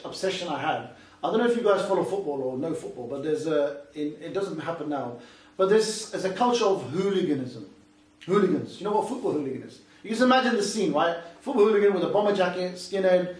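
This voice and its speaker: A man in his forties from England giving a chatty, storytelling motivational talk to a youth audience as an Islamic speaker. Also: a little high. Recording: echoey hall from far off.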